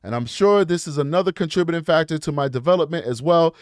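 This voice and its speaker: A man hosting a true crime show reads emails aloud, then breaks off into blunt, emphatic, scornful asides aimed straight at his viewers. He's a fast talker with a slightly high voice, recorded dry in a clean studio.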